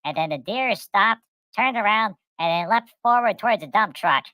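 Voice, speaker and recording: A middle-aged woman co-hosting a casual chat, telling rambling, animated stories and acting out the voices in them. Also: medium pitch, normal speed, no echo, poor audio. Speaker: co-host.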